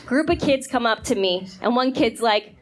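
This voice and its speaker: A woman's voice: on the high side, expressive, normal speed. A woman in her thirties doing a stand-up comedy set on a club stage, chatty and self-deprecating, acting out bits, on a handheld mic. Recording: live stage recording, loud audience.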